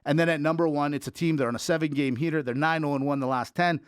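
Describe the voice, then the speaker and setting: A man's voice: a little high, racing, smooth, dry recording, studio quality. A man co-hosting a sports podcast, joking and ranting in casual banter. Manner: animated, joking, riffs and rants. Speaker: podcast co-host.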